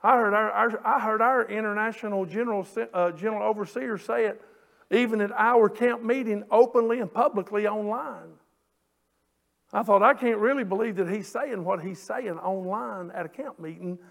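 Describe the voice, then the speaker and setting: A pastor delivers a sermon from the pulpit. His voice sits notably high for a man. He leans on drawn-out scripture lines and builds his emphasis as he preaches. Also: creaky. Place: church sanctuary.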